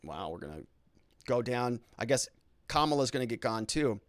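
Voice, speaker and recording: A man's voice: medium pitch, very animated, moderate pace, no room sound. A man hosting a live-stream show, reading viewer comments aloud and answering them in a chatty, unscripted way with frequent restarts.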